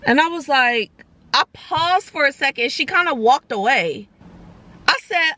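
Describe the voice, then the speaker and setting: A young woman vlogger telling a personal story in casual chat, acting out the dialogue in quick, animated bursts. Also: sits high.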